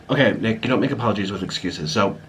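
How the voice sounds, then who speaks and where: A man's voice: on the low side, brisk, a bit bright, slight background noise. A man hosting an eating vlog, chatting casually and apologetically between bites, sometimes talking with food in his mouth. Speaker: mukbang vlogger. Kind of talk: casual talk while eating on camera.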